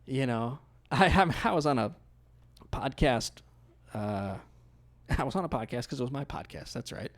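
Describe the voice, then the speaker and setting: Lively conversational male pastor preaching. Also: mid-range voice, unhurried. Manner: conversational storytelling with laughs and acted quotes. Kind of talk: sermon.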